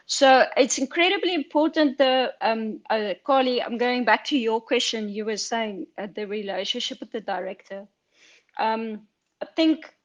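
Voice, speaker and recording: A woman film editor, speaking candidly over a video call in an online Q&A, chatty and full of fillers and asides. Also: on the high side. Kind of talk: online Q&A talk.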